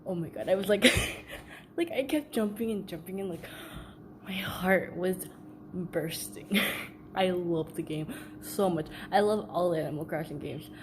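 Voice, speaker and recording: A woman's voice: on the low side, a little slow, background noise. A young woman filming a casual unboxing vlog on her phone at home, giddy and giggly, rambling with lots of fillers. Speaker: vlogger. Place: upstairs room at home. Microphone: phone held by the speaker.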